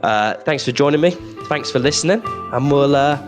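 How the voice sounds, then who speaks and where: A man's voice: medium pitch, moderate pace, soft background music. A man hosting a casual football podcast chat, laid-back and joking, often trailing off mid-sentence. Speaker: podcast host.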